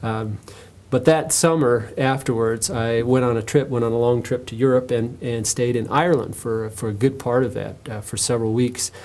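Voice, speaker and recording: An American man, an author, talking about himself in an interview, telling stories in a relaxed, self-mocking way with fillers. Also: medium pitch, normal speed. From United States. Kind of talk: interview monologue, telling anecdotes.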